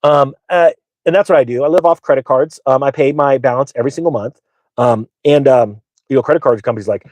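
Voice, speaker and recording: A man's voice: mid-range voice, animated, fast, a little mellow, no room sound. A middle-aged man hosting a finance channel, telling a rambling, boastful story with lots of fillers. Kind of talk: casual storytelling monologue.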